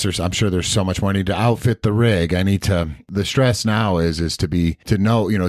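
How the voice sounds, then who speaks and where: A tired man co-hosting a podcast, talking in a rambling, halting way with many restarts. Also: low voice, darkish tone, dry recording, studio quality. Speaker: podcast co-host. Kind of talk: casual podcast conversation.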